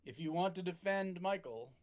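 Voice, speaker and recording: A man narrating a tabletop game as its game master, measured and halting, with frequent restarts. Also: high voice, animated.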